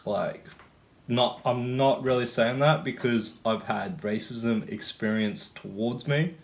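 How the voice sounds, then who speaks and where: A young Australian vlogger rants casually to camera in a slow, gravelly, mid-range voice. He rambles, swears, and uses lots of fillers.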